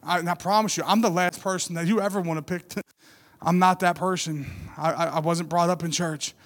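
A man in his thirties giving an animated sermon testimony, building from quiet storytelling to loud emphatic peaks. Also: high voice, fairly quick. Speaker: church speaker.

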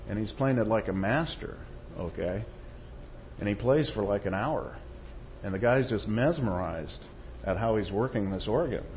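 A man's voice: fairly low pitch, muffled recording, slight background noise. Man preaching an emphatic sermon. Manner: emphatic, rising in force on quotations; tag questions to the congregation.

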